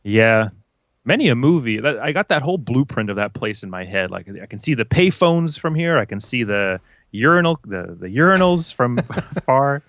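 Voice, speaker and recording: A man's voice: mid-range voice, very animated, normal speed, fairly bright tone, dry recording. A man from Canada in his thirties co-hosting a podcast, joking around and laughing at himself. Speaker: podcast co-host. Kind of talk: casual chat. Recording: dull, dry podcast audio.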